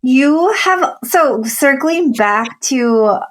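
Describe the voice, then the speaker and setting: Woman podcast cohost, kinda high voice, teary and supportive, remote call. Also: lively intonation, very slow. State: tearful. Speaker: podcast co-host. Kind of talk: casual chat. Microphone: remote recording call.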